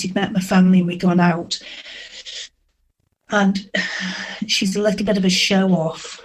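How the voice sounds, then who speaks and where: A middle-aged woman telling candid dating stories in an interview, animated and acting out what people said. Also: lowish voice, rough recording. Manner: candid, animated, acts out quoted dialogue. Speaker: interview guest. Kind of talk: frank storytelling.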